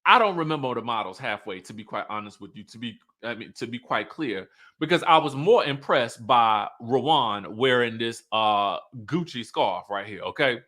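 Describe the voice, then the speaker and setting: Recapping a reality show in sassy, chatty commentary, a man fills his talk with asides and laughs at his own remarks. His medium-pitched voice is animated, bright and forceful, at a moderate pace.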